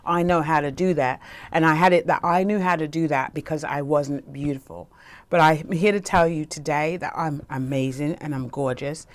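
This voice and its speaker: A woman with a somewhat low voice tells a personal story as a life coach. She speaks conversationally and keeps checking in with the listener by asking "right?". She acts out the voices of the people in her story. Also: moderate pace.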